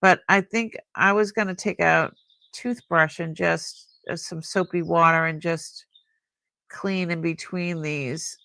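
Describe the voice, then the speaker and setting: A woman's voice: on the low side, steady tone, takes it slowly, gravelly, sharp tone. A middle-aged woman hosting a live jewelry sale, chatting casually and admiring each piece as she rambles. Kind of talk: casual live-stream selling chat.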